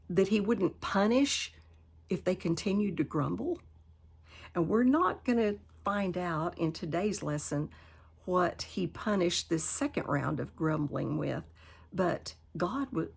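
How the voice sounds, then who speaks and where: Gravelly-voiced woman teaching Bible study. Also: fairly low pitch. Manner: reads scripture then paraphrases with animated emphasis.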